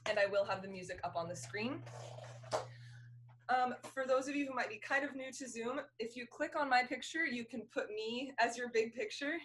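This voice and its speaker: A woman's voice: a little high, normal speed, fairly bright tone, a little hiss or hum. A young woman teaching a fiddle class on a video call, explaining rhythms and counting beats aloud in a friendly way. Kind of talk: online music lesson.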